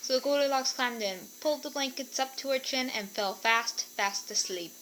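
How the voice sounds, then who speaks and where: A woman narrates a children's story with animated expression. Her voice is bright and forceful. It sits a little high. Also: moderate pace, slight background noise, low-quality recording.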